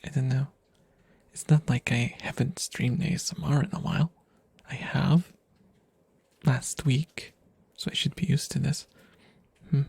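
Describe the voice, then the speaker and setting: A man chats softly and ramblingly to his stream audience, self-deprecating and often drifting down into whispers. His voice is mellow and husky, with a gravelly edge, and it sits close to the microphone in a dry, dead room. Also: mid-range voice, fairly even intonation, unhurried, no room sound. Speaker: ASMR streamer. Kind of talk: soft rambling ASMR chat.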